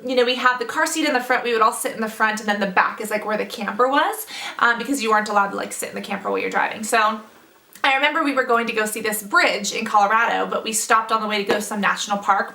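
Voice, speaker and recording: A young woman telling a funny family story in a storytime vlog, with lively, animated delivery. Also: fairly high pitch, gravelly. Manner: animated, acts out family members' voices. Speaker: beauty vlogger. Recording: roomy echo, mic at a distance.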